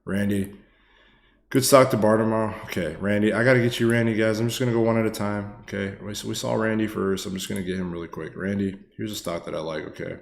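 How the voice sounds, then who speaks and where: A very deep-voiced man riffs through stock charts on a live stream, loose and excitable, cursing casually and tossing in "man" and "okay" every few lines. His voice rings in an echoey room. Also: fast talker, creaky, a little hiss or hum. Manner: excitable, swears freely, peppers talk with "man" and "okay".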